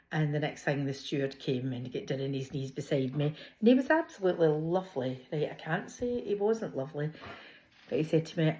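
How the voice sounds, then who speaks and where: A middle-aged Scottish woman with a broad Glasgow accent, talking straight to camera in a relaxed, chatty vlog. Her voice sits low for a woman, and she tells her stories with easy laughter. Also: fairly quick. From Scotland. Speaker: vlogger. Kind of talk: casual personal vlog.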